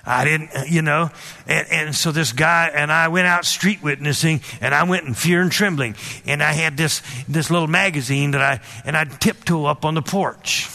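A man delivers a sermon in a slightly higher, bright and forceful voice. He tells stories from his own life, often restarting words and breaking in to urge the listener to pay attention. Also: creaky. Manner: storytelling, repeats words, emphatic asides. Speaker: preacher.

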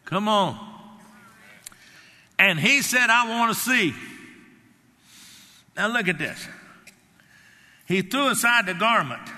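An older man delivers an emphatic sermon, acting out quotes and drifting into personal stories. His voice sits a little high and rings sharp and forceful, with a long reverb from a large hall. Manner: emphatic, acts out quotes, rambling anecdotes. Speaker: preacher.

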